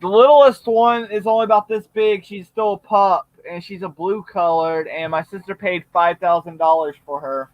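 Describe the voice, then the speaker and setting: A man's voice: high voice, normal speed, few pauses, no echo, highs cut off. A man chatting casually on a livestream, telling stories in a laid-back way. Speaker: livestream guest. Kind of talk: casual chat.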